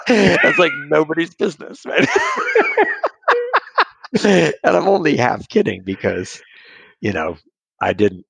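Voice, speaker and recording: Middle-aged guy rambling thru a personal story, laughs at himself a lot, kinda deep and raspy, dry close sound. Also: no echo. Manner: rambling and self-deprecating, with frequent restarts and chuckles.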